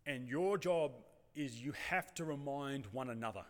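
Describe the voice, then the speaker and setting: A man's voice: medium pitch, measured pace. A man preaching a sermon, reflective and rhetorical, speaking in a church. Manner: reflective, rhetorical, acts out voices of the congregation. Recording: long reverb of a church hall.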